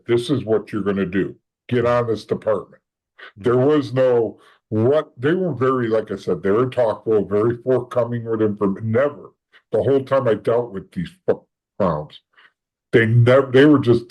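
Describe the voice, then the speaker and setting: A middle-aged man, a podcast guest, telling his story in a lively way, acting out what others said and swearing freely. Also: medium pitch, husky, poor audio. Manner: animated, acts out quoted voices, swears. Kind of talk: storytelling in an interview.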